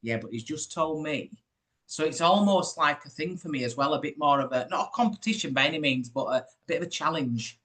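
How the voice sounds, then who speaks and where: A man, a spiritual medium chatting in an interview and telling his stories in a lively, rambling way. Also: on the high side, a little fast. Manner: chatty, animated storytelling with asides. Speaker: spiritual medium, podcast host. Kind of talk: casual chat.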